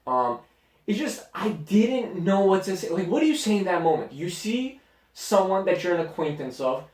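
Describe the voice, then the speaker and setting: Chatty man podcaster in an echoey room. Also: high-pitched. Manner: animated storyteller, quick asides. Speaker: podcast co-host. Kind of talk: casual chat. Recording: roomy echo, mic at a distance.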